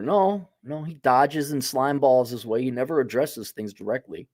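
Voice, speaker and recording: A man's voice: medium pitch, moderate pace, darkish tone, no room sound, clean studio sound. A man hosting a casual opinion monologue, talking in a blunt, sardonic, profane way. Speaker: host.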